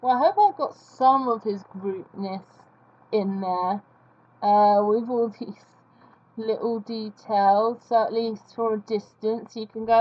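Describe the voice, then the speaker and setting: A woman's voice: fairly high pitch, steady tone, slow, lo-fi sound. A woman giving casual, rambling, self-deprecating commentary while she draws for her video. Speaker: video creator.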